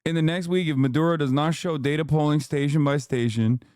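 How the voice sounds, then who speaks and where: A man's voice: fairly high pitch, fairly even intonation, fairly quick, darkish tone, smooth, no room sound. A man streaming a reaction video, giving heated, sarcastic political commentary full of swearing.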